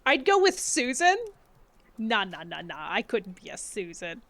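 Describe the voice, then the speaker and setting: Playful, giggly streamer woman, lively pitch. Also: unhurried. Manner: giggly, playful, often laughing and reacting to chat. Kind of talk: casual chat with live chat.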